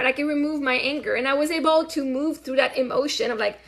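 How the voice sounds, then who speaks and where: A woman's voice: high voice, quick pace, few pauses. A woman hosting her own show, talking casually and animatedly, acting out her conversations and swearing freely. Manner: animated storytelling, swears freely, acts out dialogue. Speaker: show host; mother. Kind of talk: casual monologue.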